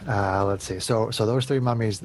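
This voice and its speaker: A man's voice: fairly low pitch, fairly even intonation, moderate pace, a little mellow. A man running a tabletop game as game master over a video call, calling out hits and damage and often chuckling. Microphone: video call headset or desk mic.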